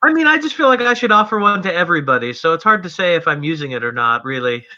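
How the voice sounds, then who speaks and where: A man playing a tabletop role-playing game, talking in a lively, earnest and jokey way. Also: on the high side, quick pace, muffled recording. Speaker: player.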